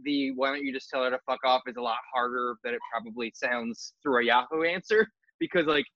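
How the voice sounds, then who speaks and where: A man's voice: mid-range voice, fairly quick, no echo, muffled recording. A man guest on a comedy podcast, wisecracking and dropping into joke voices. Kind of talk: casual comedy podcast chat.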